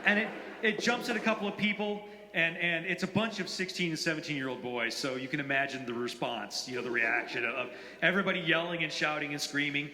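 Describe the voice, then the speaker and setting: A man in his forties, an author telling anecdotes at a bookstore event, in a rambling, halting way full of fillers and restarts. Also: fairly high pitch, pushed and bright. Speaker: author at a reading. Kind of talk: live anecdotal storytelling. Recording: roomy, reverberant hall.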